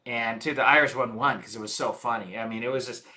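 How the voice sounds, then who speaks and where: Bright, animated man telling stories. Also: mid-range voice, quick pace. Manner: animated, laughs often while telling stories. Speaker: filmmaker, guest. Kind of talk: casual interview storytelling.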